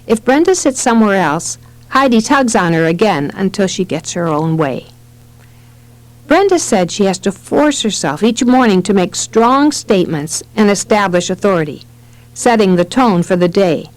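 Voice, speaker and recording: A woman narrating a parenting audiobook, reading in an expressive storytelling manner. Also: medium pitch, normal speed, low-quality recording. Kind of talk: scripted narration.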